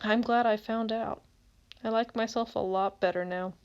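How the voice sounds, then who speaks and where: A woman reading as a quiet, overlooked teenage boy who speaks in a reflective, wistful way, in an audiobook. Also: a little high, steady tone, moderate pace, smooth, dull audio, natural voice.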